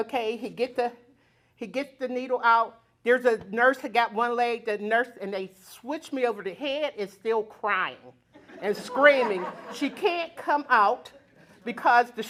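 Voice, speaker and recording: An older woman telling a personal story on stage, plain-spoken and lively, chuckling as she goes. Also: a little high. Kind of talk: personal storytelling before a live audience. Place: community center stage.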